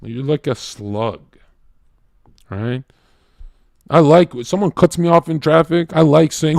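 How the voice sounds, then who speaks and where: A man streaming a brash, profane rant to his chat, swinging from loud shouts to low murmurs. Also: measured pace, creaky, long pauses, dry recording, clean studio sound.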